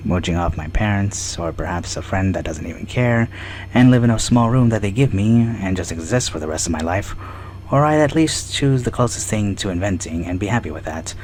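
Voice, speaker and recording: A man in his twenties voicing a laid-back young male honey badger who talks in a relaxed, casual, slangy way in a fan-made cartoon. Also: low-pitched, slight background noise. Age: 20s.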